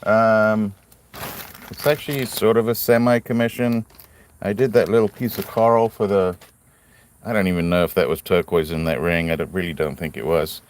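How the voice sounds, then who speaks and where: A man's voice: fairly low pitch, fairly even intonation, moderate pace, clear, resonant tone. A man hosting a casual live stream, chatting in a rambling, friendly way and greeting viewers by name. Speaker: livestream host cutting stones.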